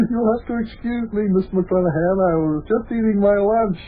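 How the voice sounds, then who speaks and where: A man's voice: high voice, normal speed. An actor playing a flustered bedridden young man protesting to his visitors, on an old radio show. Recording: tinny old radio broadcast with faint hiss.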